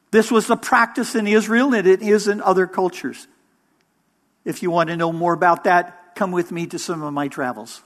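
A man preaching a sermon as interim pastor, measured and emphatic, with pauses for weight. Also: high-pitched, animated.

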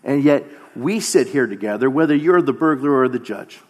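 A man in his thirties preaching a sermon as pastor, earnest, often slowing down and dropping to a quiet voice for emphasis. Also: medium pitch, animated. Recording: long hall reverb.

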